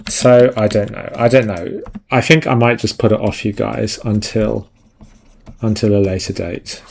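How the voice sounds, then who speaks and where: Man, gravelly voice, casual live-stream chat, rambling, self-deprecating, keyboard typing behind. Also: lowish voice, fairly even intonation, a little slow, a little hiss or hum. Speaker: concept artist streamer.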